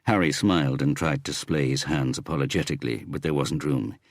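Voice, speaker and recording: A man narrating a crime novel in a measured, expressive reading. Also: extremely low pitch, no room sound, clean studio sound. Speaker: audiobook narrator. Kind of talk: scripted narration.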